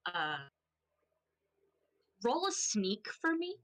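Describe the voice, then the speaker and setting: A woman's voice: medium pitch, wildly swooping pitch, very slow, a bit bright, rough recording. A woman narrating as game master of a tabletop game, casual and rambling, often laughing. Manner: casual, giggly, loose and rambling.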